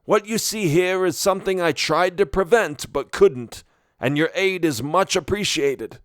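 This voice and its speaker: Man putting on a high, strained old wizard. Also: measured pace, no room sound, clean studio sound. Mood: grave. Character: old male wizard, worried and stern.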